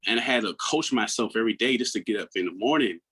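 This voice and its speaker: A man's voice: lowish voice, lively intonation, fast, a bit bright, breathy edge, poor audio. Earnest man telling a raw personal story. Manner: earnest, raw, often restarts words; acts out quoted people in a raised voice. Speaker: podcast guest.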